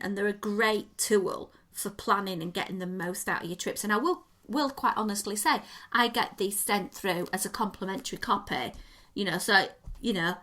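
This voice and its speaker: A woman co-hosting a podcast, telling a story in a lively, expressive way. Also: medium pitch. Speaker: podcast co-host. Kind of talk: casual chat.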